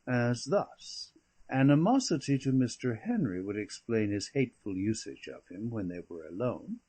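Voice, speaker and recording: A man narrating an audiobook of a classic novel in a measured, expressive storytelling manner. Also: mid-range voice, dry recording.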